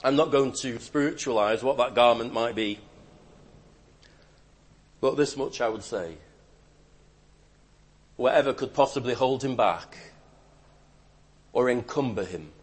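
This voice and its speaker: A man preaching a sermon, swinging between loud emphatic declarations and quiet, hushed asides. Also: medium pitch.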